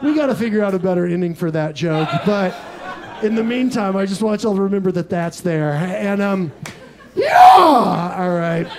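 A young man from Texas doing a live stand-up set, telling absurd stories in a deadpan way with quick asides. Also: sits high, a crowd in the background. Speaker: stand-up comedian. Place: comedy club stage with audience laughter.

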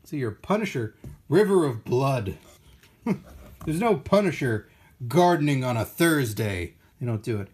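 A man hosting a casual live-stream unboxing, excitable and playful, gushing over his finds and joking with viewers. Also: medium pitch, measured pace, husky. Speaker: unboxing video host.

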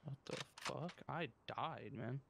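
A man giving quick tactical callouts and griping about teammates during an online game on a headset mic. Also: medium pitch, vocal fry, heavy background noise. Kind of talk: casual gaming callouts.

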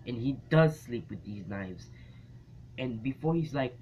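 Slow-talking skeptical man reacting. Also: medium pitch, expressive, a little mellow, slightly rough. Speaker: reaction vlogger. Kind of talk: casual reaction commentary.

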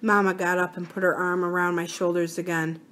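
A woman reading a novel aloud for a library series, expressive and slowing for the sad passages. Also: fairly low pitch. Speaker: library story reader. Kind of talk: storybook read-aloud.

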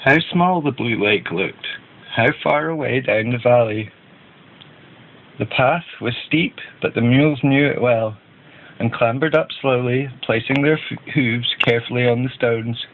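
A man narrating a children's storybook in a gentle, even read-aloud manner. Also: mid-range voice, a little slow, slight background noise. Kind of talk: storybook reading. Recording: tinny phone-like band.

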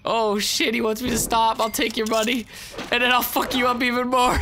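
A young man doing profane, excitable let's-play commentary as a gaming YouTuber, swinging between low growled taunts and shrieks. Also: fairly quick, creaky, faint music behind.

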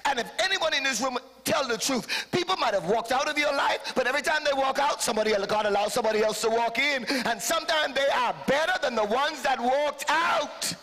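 Male bishop, high bright tenor, fervent sermon delivery in a long-reverb church hall. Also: brisk, few pauses. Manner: fervent preaching, calls to the congregation, sudden shouted peaks. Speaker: bishop preaching. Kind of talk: live sermon.

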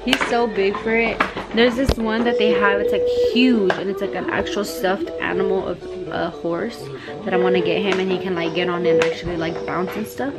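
A woman's voice: mid-range voice, steady tone, moderate pace, loud music behind the voice, low-quality recording. A young woman vlogging casually on a phone, rambling with lots of fillers and talking to her little son. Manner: rambling, filler-heavy, talks to her toddler. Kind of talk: casual chat. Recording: loud street and traffic noise.

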